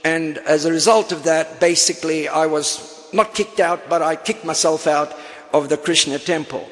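A man's voice: fairly high pitch, normal speed. Older man telling his story in a big hall. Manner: animated storytelling with humorous asides. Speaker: speaker giving testimony. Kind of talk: personal testimony talk to an audience. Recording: long reverb in a hall.

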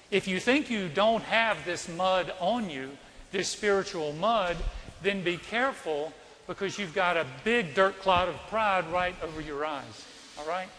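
A priest preaching to his congregation in a high, bright voice. He tells a personal story and asks his listeners questions. The sound has the long ring of a church hall. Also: slight background noise.

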